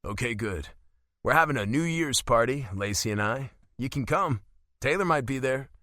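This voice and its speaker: A man voicing a calm grown older brother who speaks bluntly and reassuringly. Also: medium pitch, moderate pace, dry recording, studio quality. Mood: steady.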